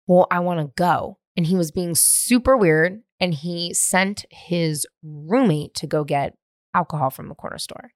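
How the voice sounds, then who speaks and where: Woman, 30s, solo podcast host, low-ish voice, dry close sound, swears freely, animated confessional rambling. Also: unhurried, no echo. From San Francisco, USA. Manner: profane, animated, rambling with many "like" fillers. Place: at home in the living room.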